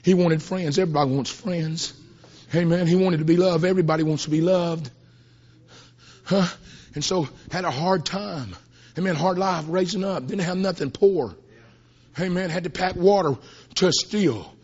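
A man preaching a sermon, peppering his talk with "amen" and swinging from hushed storytelling to shouted exclamations. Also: high-pitched, moderate pace. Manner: peppered with "amen", folksy grammar. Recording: dull lo-fi recording.

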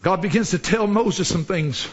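A man preaching a sermon with fervour, rising into shouts and dropping to low, quiet lines. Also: normal speed, muffled recording. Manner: fervent preaching, swinging from shouts to low murmurs.

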